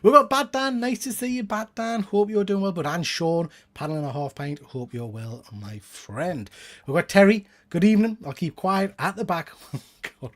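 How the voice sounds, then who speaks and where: Geordie male host, slightly high voice, loose and jokey live chat. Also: moderate pace. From Northeast England. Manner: chatty, greets viewers by name, laughs often. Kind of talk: casual live-stream chat.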